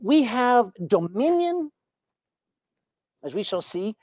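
A woman preaching a sermon, animated and questioning her congregation, with jokes and anecdotes along the way. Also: fairly high pitch, slow pace, no echo, studio quality. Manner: tells jokes and anecdotes with a laugh.

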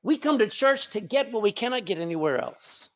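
A man's voice: sits high, animated, a little fast. A man with a Texan accent preaching a sermon as pastor of his church, emphatic and repeating words, calling out to the congregation. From Texas. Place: church sanctuary.

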